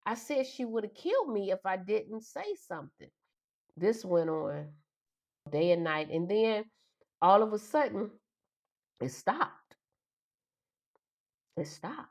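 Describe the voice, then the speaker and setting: A woman's voice: medium pitch, big pitch swings, slow, pauses often. A middle-aged woman, emotionally retelling a childhood memory and acting out the voices in it. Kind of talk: personal storytelling.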